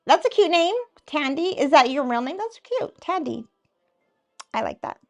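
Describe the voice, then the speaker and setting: High-voiced playful woman livestream host. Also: lively intonation, moderate pace, soft background music. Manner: playful, laughs often, teasing. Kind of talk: casual livestream chat, reading viewer comments aloud.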